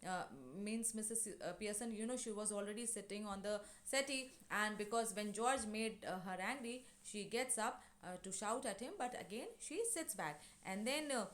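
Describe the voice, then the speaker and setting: A woman's voice: mid-range voice, normal speed, few pauses, a bit bright. A woman teaching an English class, retelling a play scene with lots of fillers and acting out the lines. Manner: explanatory, many fillers, acts out lines. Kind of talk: classroom lesson explaining a play.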